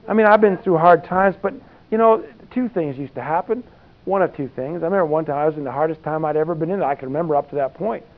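Man, preacher, conversational sermon, folksy asides, higher voice, tinny lo-fi line. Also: quick pace. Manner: folksy, rambling asides with frequent "you know". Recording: tinny phone-like sound.

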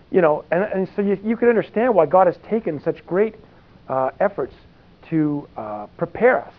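Tinny, phone-like audio captures a man whose voice sits high, animated and at a normal speed. He preaches a folksy, conversational sermon, rambling into many asides and saying "you know" frequently.

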